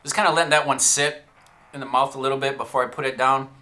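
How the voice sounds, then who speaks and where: A man talks through a whiskey tasting in a relaxed, chatty way, with a bright, forceful voice. He tosses in jokey asides as he goes, and faint music plays behind him. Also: mid-range voice, fast. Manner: chatty, self-amused, joking asides. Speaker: whiskey reviewer. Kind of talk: casual tasting review. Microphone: shotgun microphone.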